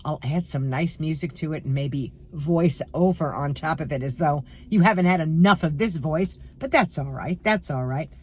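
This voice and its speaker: A woman's voice: deep voice, moderate pace, hardly any pauses, slight background noise. Middle-aged woman, New York accent, stuffy with a cold; opinionated, chatty vlogger talking to her fans. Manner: opinionated, chatty, talks to viewers as friends. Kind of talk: casual chatty vlog.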